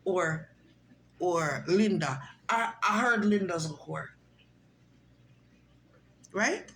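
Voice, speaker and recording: A woman's voice: fairly low pitch, very slow, a little hiss or hum, poor audio. A woman in her forties telling a personal story in a casual monologue, acting out what other people said. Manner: animated, acts out quoted voices. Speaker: vlogger.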